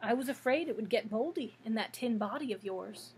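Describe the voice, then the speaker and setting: A woman's voice: on the high side, lively intonation, fairly quick, husky, exaggerated voice. A woman reading aloud and voicing a wry little old male wizard who teases his friends.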